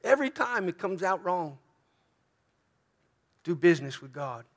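A male pastor preaching a sermon earnestly, dropping into soft, prayerful tones. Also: high voice, big pitch swings, measured pace.

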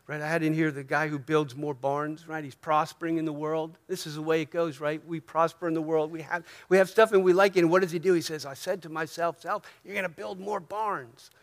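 American male pastor, high voice, conversational sermon with soft asides and emphatic swells. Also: steady tone, brisk, few pauses. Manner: conversational preaching, frequent "right?" checks.

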